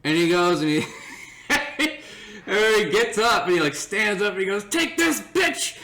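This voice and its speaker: A man's voice: high voice, moderate pace, pushed and bright. A young man hosting his own podcast, telling a story casually and animatedly, laughing often and acting out his friends' voices. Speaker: podcast host.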